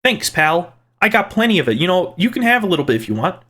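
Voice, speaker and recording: A man's voice: high voice, very animated, fast talker, a bit bright. A man hosting his own channel, reading viewer comments aloud and answering them in a playful, rambling way. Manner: rambling and playful, with restarts and side jokes. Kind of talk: casual chat.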